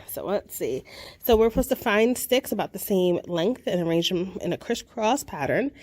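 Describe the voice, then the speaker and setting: A woman's voice: medium pitch, expressive, moderate pace, a little mellow. Chatty woman teaching a kids' craft. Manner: chatty and encouraging, with many fillers. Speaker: children's librarian hosting a craft video. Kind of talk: casual craft tutorial.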